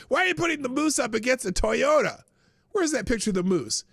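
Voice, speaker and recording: High lively gravelly-voiced man host. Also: a little fast, no echo, studio quality. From United States. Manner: rambling, laughs often, many restarts. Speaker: livestream show host. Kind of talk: casual live-stream commentary.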